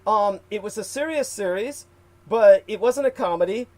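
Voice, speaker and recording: Guy rambling thru a livestream chat, lots of ums and restarts, kinda high voice. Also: normal speed, no echo. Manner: rambling, many fillers and restarts, reads out viewer comments. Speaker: livestream host.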